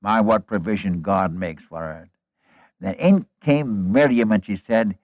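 A man's voice: lowish voice, measured pace, no room sound, lo-fi sound. A man preaching a sermon, retelling a Bible story in an earnest, folksy way with rhetorical questions and asides to the congregation.

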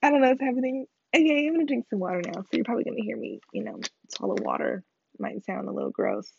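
A woman's voice: on the high side, fast, creaky, husky, no echo. A teenage girl in a rambling, swearing, self-mocking chat to camera. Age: teens. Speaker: vlogger. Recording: slightly dull lo-fi sound.

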